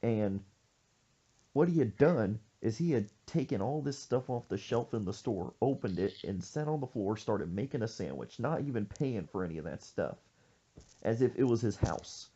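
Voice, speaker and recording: Lively low-voiced man telling stories. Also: moderate pace, husky, muffled recording. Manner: animated, jokey, acts out quoted voices. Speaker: podcast host. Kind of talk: casual storytelling chat.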